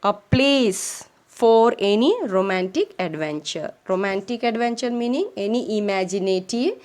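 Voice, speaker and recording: A woman's voice: mid-range voice, lively intonation, measured pace, a little mellow. A woman teacher with an Indian English accent who reads a textbook chapter aloud and explains it to children, repeating phrases and defining words as she goes.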